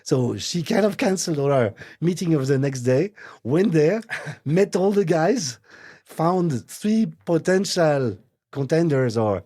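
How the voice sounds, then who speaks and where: Guy guesting on a chat show, mellow husky tone, stops and restarts a lot. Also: on the high side, expressive. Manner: hesitant, halting, repeats words. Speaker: watch brand executive, guest. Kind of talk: casual interview. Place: recording studio.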